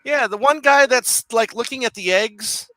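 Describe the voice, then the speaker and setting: A man in a casual chat, eagerly chiming in with short agreements and quick recollections. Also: very high-pitched, sharp tone, no echo.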